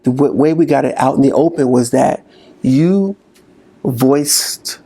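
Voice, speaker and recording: A man speaking as a motivational speaker, slowly coaching listeners through a guided exercise. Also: medium pitch, vocal fry, mellow, slightly rough. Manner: slow, coaching delivery with long pauses.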